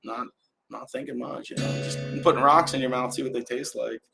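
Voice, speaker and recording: Male host, mid-pitched, gravelly edge, casual home livestream, rambling delivery, faint hiss. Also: brisk, music in the background. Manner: relaxed, rambling, conversational, frequent restarts. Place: indoor home setup with adjustable lights. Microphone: camera mic on a live stream.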